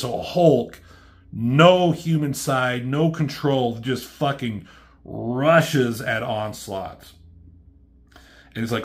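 A man's voice: medium pitch, slow. A man casually recapping a comic book, profane and offhand, with a mocking edge as he quotes the characters.

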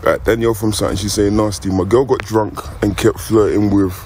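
Low-voiced man reading letters. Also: fairly even intonation, brisk, warm tone, a little hiss or hum. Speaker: podcast co-host reading letters. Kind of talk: reading listener letters aloud.

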